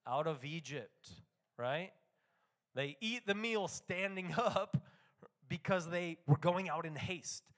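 A man preaching a sermon in a bright, ringing voice pitched a little above the usual. He moves between reading scripture aloud and unpacking it in plain, casual words. He can drop low and quiet, then climb to loud, excited proclaiming. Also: takes it slowly.

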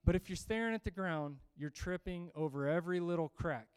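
A man preaching a sermon to a congregation, energetic and emphatic, reading scripture and often repeating himself. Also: sits high, a little fast, clean tone, no echo. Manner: energetic, emphatic, with restarts and humor.

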